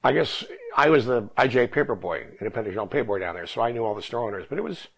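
A man's voice: mid-range voice, animated, vocal fry, breathy edge, rough recording. A man in his seventies from Northern California, reminiscing in a rambling oral history interview. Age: 70s. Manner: fast, rambling reminiscing with restarts.

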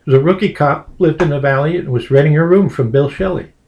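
Brooklyn-raised man recounting family history, halting and full of fillers. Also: on the high side, highs cut off, slight background noise. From Brooklyn, New York. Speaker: interviewee. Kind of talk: oral history storytelling.

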